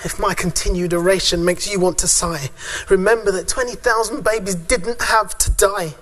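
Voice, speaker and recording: A man performing a spoken word poem at a conference, reciting in a rhythmic way with long dramatic pauses. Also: high voice, fairly even intonation, fairly bright tone. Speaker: father speaking at a conference.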